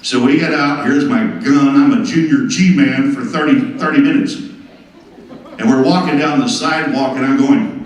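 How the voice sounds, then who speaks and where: A man's voice: mid-range voice, normal speed. A man giving a folksy, emphatic tribute speech full of stories. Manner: emphatic, down-home storyteller. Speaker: speaker at a tribute event. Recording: echoey hall from far off.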